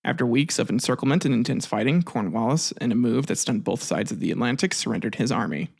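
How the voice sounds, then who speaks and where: A man's voice: mid-range voice, lively intonation, fast, creaky, breathy edge. A man narrating history in a casual, offhand way, with jokes, asides and some swearing. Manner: offhand, joking, swears, restarts words. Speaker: history video host.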